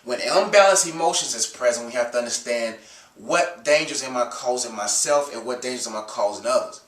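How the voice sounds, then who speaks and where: A man's voice: medium pitch, brisk, a bit bright, distant mic. A man with a stuffed-up cold, giving earnest faith advice with frequent fillers and restarts. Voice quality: nasal. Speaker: Christian video host. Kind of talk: casual faith advice talk. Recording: roomy echo, off-mic.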